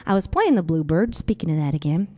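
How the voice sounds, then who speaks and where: A woman's voice: deep voice, very animated, quick pace, mellow. A woman singer-songwriter chatting with the crowd between songs, joking and self-deprecating. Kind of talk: stage banter between songs. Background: guitar music.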